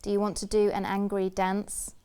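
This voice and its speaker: Woman giving a gentle kids' talk. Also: medium pitch, completely flat delivery, normal speed, noisy background. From United Kingdom. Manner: gentle, questioning, rhythmic repetition. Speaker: children's church presenter.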